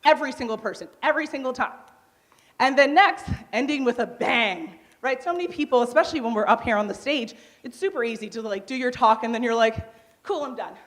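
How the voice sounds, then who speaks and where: A loud young woman gives a motivational workshop talk from a conference stage. Her voice sits a bit high, and she laughs easily between points. She keeps turning to the crowd with questions. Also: fast talker. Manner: lively, laughs often, asks the crowd questions; naturally loud. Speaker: conference speaker.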